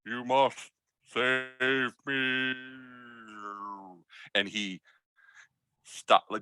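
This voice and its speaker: A man narrating a tabletop game as game master, telling the scene in a loose, halting way with many fillers. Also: lowish voice, pushed and bright, no echo. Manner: hesitant, filler-heavy storytelling.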